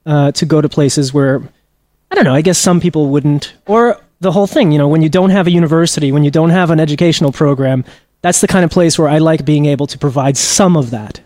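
Earnest man telling a story, high voice. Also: fast talker, darkish tone, no room sound. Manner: earnest, with many restarts. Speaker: guest, journalism trainer. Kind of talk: interview storytelling.

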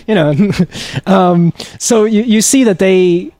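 A man's voice: high-pitched, moderate pace, mellow, no echo. A man being interviewed as a journalism trainer, telling a story earnestly with frequent restarts.

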